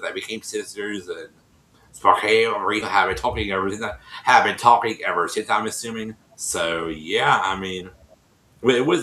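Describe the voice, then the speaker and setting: A man's voice: lowish voice, bright, forceful tone, roomy sound, rough recording. A man casually recapping a TV episode, rambling and restarting often and acting out the people he quotes. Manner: rambling storyteller, many restarts, acts out quotes. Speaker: show reviewer.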